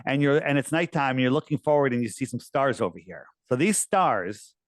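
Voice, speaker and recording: Insistent guy talking fast, dead dry mic, mid voice. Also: medium pitch, dry recording. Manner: animated, insistent, uses mocking put-on quotes. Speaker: guest. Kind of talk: casual conversation.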